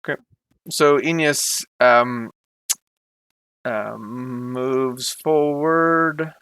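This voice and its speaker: A man's voice: medium pitch, very slow, fairly bright tone, smooth, dry recording, rough recording. A man narrating a tabletop game as game master, hesitant with many fillers as he describes the action.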